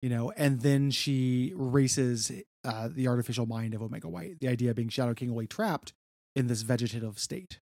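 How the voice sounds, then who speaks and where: A man's voice: mid-range voice, moderate pace, a little mellow, dry recording, studio quality. A man co-hosting a casual podcast, recapping a comic book in a chatty way with stammered repeats and casual swearing. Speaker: podcast co-host.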